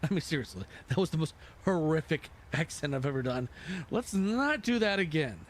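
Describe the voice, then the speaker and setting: A man's voice: a little high, lively intonation, normal speed, slight background noise. A man hosting a flight sim live stream, talking casually in a rambling way with self-mocking asides.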